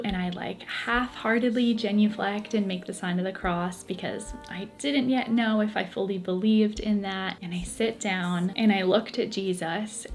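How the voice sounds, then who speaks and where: Woman telling her story, earnest and emotional, bit of quiet music underneath. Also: mid-range voice. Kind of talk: personal testimony to camera.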